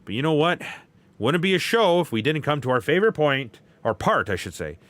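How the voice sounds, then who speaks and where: Animated, high-pitched male podcast host. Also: a little fast. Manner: folksy, emphatic, repeats catchphrases. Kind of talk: casual podcast talk.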